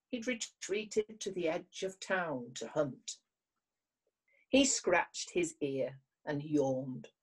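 A woman reading a children's storybook aloud in an expressive, measured way. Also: fairly low pitch, breathy edge.

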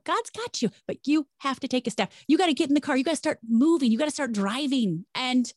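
A middle-aged woman, a former broadcaster, talking about faith and career change in an energetic, emphatic way. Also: high-pitched, quick pace, few pauses, no room sound, studio quality. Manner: energetic, emphatic, preachy storytelling. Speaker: podcast guest, former broadcaster. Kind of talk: conversational faith-based interview.

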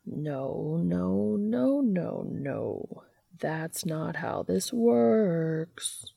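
A sinister, petulant entity taunts in a hushed sing-song half-whisper, dragging its words out slowly, as a woman reading a fan fiction story puts it on. The voice sits low with a gravelly fry. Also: big pitch swings, dry recording, clean studio sound, exaggerated voice. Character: mocking shape-shifting entity, sinister, petulant. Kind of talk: fan fiction read aloud.

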